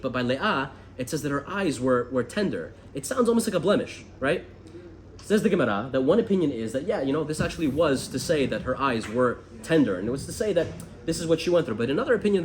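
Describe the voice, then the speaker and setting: An American man teaching a lively Torah class, asking the room questions as he goes. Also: on the high side, a little hiss or hum. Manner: animated, asks the room questions. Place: classroom with a group.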